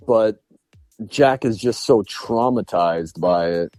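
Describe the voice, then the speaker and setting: In a casual film review chat, a man co-hosting a podcast discusses a movie and acts out lines between laughs. His voice is on the low side with a darkish tone, a little slow, and the audio has no room sound.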